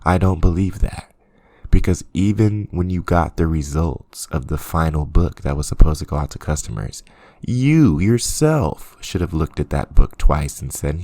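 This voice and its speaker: A man's voice: rumbling low, a little slow, mellow, dry recording, clean studio sound. A man hosting a commentary channel, ranting sarcastically with frequent laughs and swearing. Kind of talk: casual commentary rant.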